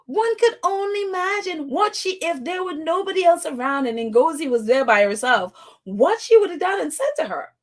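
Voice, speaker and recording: A woman hosting a casual commentary podcast, her voice sitting high and leaping up and down as she speaks. She sounds animated and exasperated, often breaking into incredulous laughter. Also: normal speed. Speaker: podcast host.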